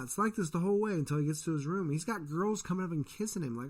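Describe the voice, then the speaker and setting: A man's voice: sits high, lively intonation, fast talker, a little mellow. Rambling, cussing man telling a story. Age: adult parent. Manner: profane, rambling storyteller, acts out quoted voices. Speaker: podcast co-host. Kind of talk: casual podcast chat.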